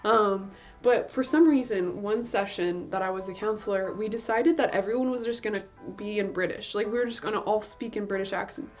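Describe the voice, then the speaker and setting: A woman's voice: medium pitch, fairly quick, hardly any pauses. A young woman streaming, chatting casually with her viewers, rambling and giggling, swearing now and then. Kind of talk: casual chat while working. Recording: slightly dull lo-fi stream audio with faint music. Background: faint music.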